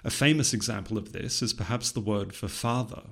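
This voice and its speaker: Gravelly-voiced man narrating a lesson. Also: fairly low pitch, brisk. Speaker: podcast host explaining linguistics history. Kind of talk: scripted educational narration.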